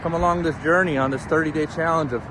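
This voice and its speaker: A man's voice: fairly high pitch, fairly even intonation, quick pace. A man hosting a motivational walking vlog, talking upbeat while walking and jogging on an outdoor trail. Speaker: fitness and mindset vlogger. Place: outdoor trail beside a busy road. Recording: clear traffic noise outdoors. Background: traffic noise.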